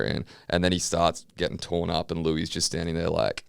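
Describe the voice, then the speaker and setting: Deep-voiced, crude joker. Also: male voice, fairly even intonation, fast talker, gravelly, hardly any pauses, clean tone, no echo, studio quality. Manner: crude, jokey banter with swearing. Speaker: podcast co-host. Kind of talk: casual chat.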